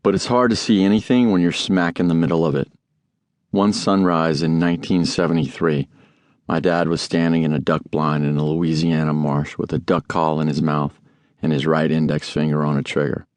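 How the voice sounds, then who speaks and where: A man reading a memoir aloud as an audiobook narrator, in a measured, deliberate way. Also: extremely low pitch, fairly even intonation, darkish tone, no room sound.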